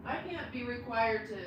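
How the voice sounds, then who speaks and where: A woman's voice: medium pitch, echoey room, noisy background. A woman hosting a casual live stream, rambling and talking to her dogs and her chat. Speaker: livestream host.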